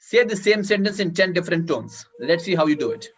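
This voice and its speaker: A man's voice: high-pitched, expressive, fairly quick, husky. A man teaching public speaking in an online workshop, giving instructions and repeating words so people can note them. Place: online video call. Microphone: video call. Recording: dull lo-fi video call audio.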